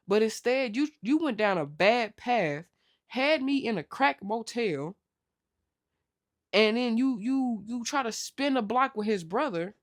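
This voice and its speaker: A woman hosting a casual TV recap vlog, telling the episode in lively slang and acting out the characters' lines. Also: on the high side, measured pace.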